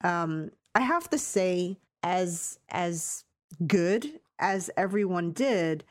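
A woman co-hosting a podcast, chatting casually about a film in a rambling, hesitant way that turns animated when she has strong opinions. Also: on the low side, drawn-out words. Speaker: podcast co-host reviewing a film. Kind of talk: casual chat.

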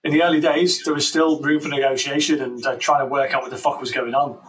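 A man's voice: medium pitch, flat delivery, fast, a bit bright, far from the mic, a little hiss or hum, poor audio. A man co-hosting a casual current-affairs podcast, talking bluntly and swearing freely. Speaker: podcast co-host.

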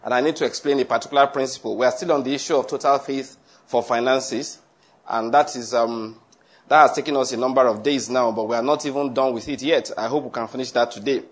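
A pastor reads scripture aloud and explains it, preaching in an earnest, conversational manner with asides. He talks quickly at a medium pitch, his intonation fairly even.

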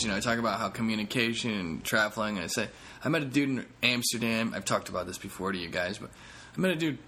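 A low-voiced man rambles through a casual solo podcast monologue. He is a comedian who swears freely and drifts between topics with self-mocking asides. His talk is loose and unhurried. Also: pushed and bright, a little hiss or hum.

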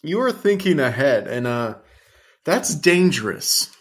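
A man's voice: mid-range voice, sing-song, a little slow. A man co-hosting a comedy podcast, riffing loosely and correcting himself as he talks. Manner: riffing, rambling, self-correcting. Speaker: podcast co-host. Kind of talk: comedic casual banter.

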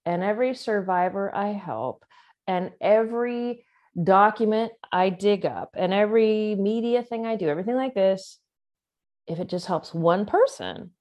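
Forties woman, interview guest, earnest and blunt, a bit wry, mid pitch. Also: darkish tone, highs cut off. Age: 40s. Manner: earnest and outspoken, with wry asides. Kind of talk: candid personal interview.

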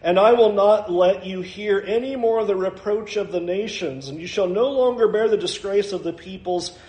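A man's voice: high voice, moderate pace, a little mellow, echoey room. A male pastor preaching a sermon, reading scripture aloud and explaining it verse by verse.

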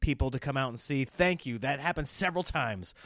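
A man from Nebraska hosting his own comedy podcast, rambling through animated stories and acting out what people said. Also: mid-range voice, a little fast, no echo, studio quality. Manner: rambling, animated storytelling with acted-out quotes. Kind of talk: casual monologue.

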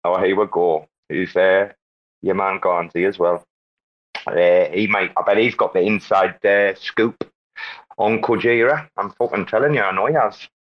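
A man with a fairly low voice hosts a casual online chat, joking loudly and swearing freely between bites. The sound is dull and lo-fi, like an online call. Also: fairly even intonation, normal speed. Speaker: host. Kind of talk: casual chat on a live audio space.

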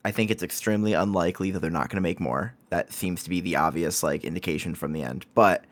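A man's voice: low voice, fast. A man co-hosting a book podcast, stumbling over restarts and speaking emphatically, with casual swearing. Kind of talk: casual book-club chat.

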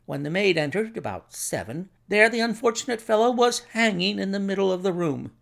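A man reading a story aloud, voicing a distraught male doctor who speaks high and agitated. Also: animated, a little fast, vocal fry, fairly bright tone, heavily acted. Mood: frantic. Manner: high, breathless, agitated pleading.

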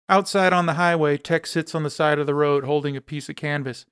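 A man narrating a screenplay in a steady, descriptive way. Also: fairly high pitch, moderate pace, smooth, no echo, studio quality.

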